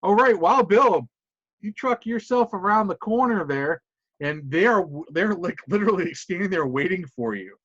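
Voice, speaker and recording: A man runs a tabletop game, rambling and restarting his sentences as he describes each scene. His voice is fairly high and swings widely in pitch. The recording is dry and slightly muffled. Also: expressive, normal speed, fairly bright tone, no room sound. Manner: rambling, self-correcting narration. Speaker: game master.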